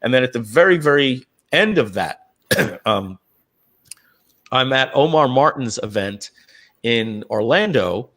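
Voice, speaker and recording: A middle-aged man, a guest in an interview, telling his story casually, often restarting his sentences and clearing his throat, and jumping up in pitch when he acts out what others said. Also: expressive, unhurried, pauses often, a bit bright. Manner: acts out quoted voices with jumps in pitch. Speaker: interview guest, online marketer.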